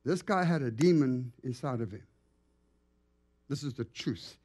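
A man preaching in a church as a guest evangelist, telling stories with lively, acted-out animation. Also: mid-range voice, unhurried. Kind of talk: storytelling sermon. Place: church sanctuary.

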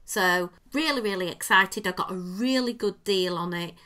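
A woman with an English accent, co-hosting a podcast and telling a travel story in lively, casual talk. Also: mid-range voice, moderate pace. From England. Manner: animated storyteller, acts out quoted dialogue. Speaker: podcast co-host.

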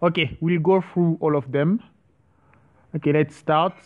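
A man giving an online French lesson, speaking slowly and repeating each word, with some hesitant restarts. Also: on the high side, fairly even intonation, narrow, tinny audio. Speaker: French teacher.

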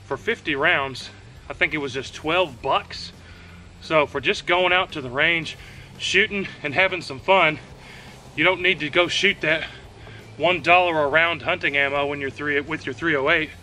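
Bright-voiced man narrating at a shooting range. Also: on the high side, normal speed, slight background noise. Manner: relaxed running commentary between shots. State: out of breath at times. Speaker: host of a shooting channel. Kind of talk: casual outdoor shooting vlog.

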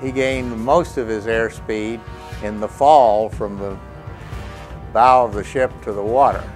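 A man speaking in a documentary interview, retelling events in an unhurried explanatory way with occasional restarts. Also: fairly low pitch, fairly even intonation, darkish tone, soft background music. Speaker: interviewed expert.

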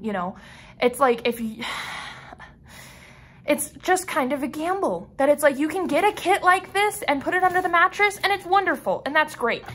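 A woman's voice: sits high, pushed and bright. A young woman vlogging a craft unboxing, frustrated, sighing and rambling with restarts. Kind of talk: casual unboxing vlog.

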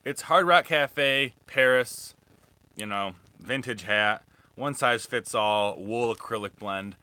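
A man's voice: mid-range voice, slow pace, bright, forceful tone, no echo. A young man rambling casually through a live thrift haul as a reselling vlogger. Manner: rambling, chatty, restarts often.

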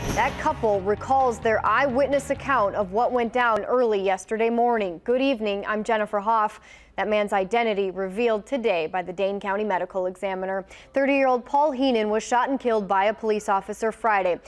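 A woman's voice: mid-range voice, soft background music. Woman anchoring evening news. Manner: measured, formal delivery. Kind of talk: scripted news reading.

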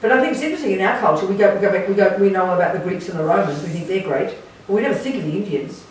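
Speaking rapid-fire with lively intonation and a medium-pitched voice, a Buddhist nun teaches a retreat group in a meditation centre hall. Her dharma talk is blunt and emphatic, peppered with sarcasm, and the recording is distant and echoey with faint hiss.

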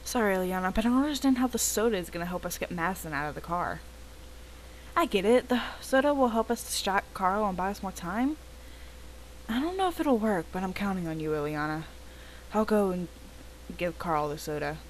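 An anxious young woman talks through a rescue plan, as a player reads her lines. She sounds earnest and worried, at a middle pitch with a faint hiss in the background. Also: lively intonation, brisk, close to an everyday voice, poor audio.

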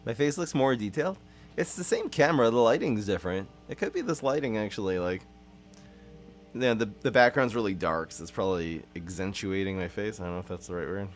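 A young man giving casual, excitable gameplay commentary and teasing banter to his viewers. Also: lowish voice, brisk, soft background music. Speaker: streamer. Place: dim room at his parents' home.

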